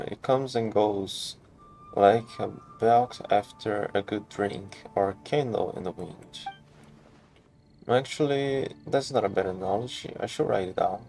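A man with a lowish, slightly mellow voice and vocal fry takes his time voicing an eccentric, theatrical inventor from a game. The delivery is grandiloquent, grand, and wordy, with slight background noise in the recording.

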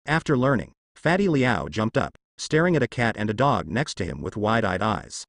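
Male audiobook narrator, lively pitch, dry sound, flat read. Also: normal speed, hardly any pauses, no echo. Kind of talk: audiobook narration of translated fan fiction.

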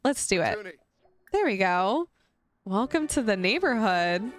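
A woman's voice: medium pitch, lively intonation, measured pace, faint music behind. A young woman casually chatting and giggling as she narrates her life-sim game for her channel. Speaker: gaming YouTuber. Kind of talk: casual Let's Play commentary.

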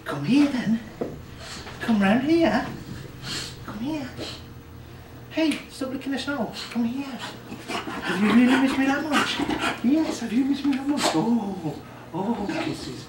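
A man home from work, talking baby talk to his dog in a high, coaxing sing-song voice. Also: lively intonation, slow pace, pauses often. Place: at home with a dog, snow nearby. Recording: echoey, distant mic, loud background noise.

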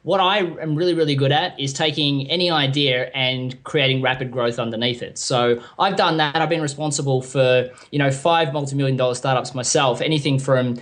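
A man's voice: medium pitch, steady tone, a little fast, few pauses, a bit bright. An Australian man interviewed as a business growth consultant, speaking in an upbeat, persuasive way about his work. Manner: upbeat, persuasive, says mate. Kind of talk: interview guest, confident self-pitch.

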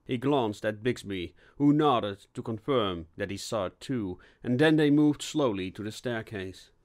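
A man reading scripted narration for an audiobook in a steady, even storytelling manner. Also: lowish voice, unhurried.

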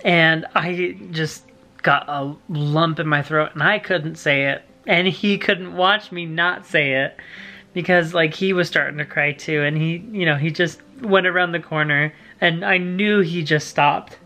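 A man's voice: on the high side, steady tone, measured pace. A young man vlogging with his wife, telling a heartfelt family story in casual chat. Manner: warm, emotional storytelling with laughs.

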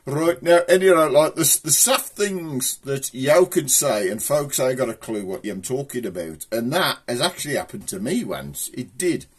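A man's voice: mid-range voice, lively intonation, normal speed, few pauses, husky. A middle-aged man with a broad Black Country accent, hosting a rambling, chatty comic show. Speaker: host. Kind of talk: casual comic monologue to camera.

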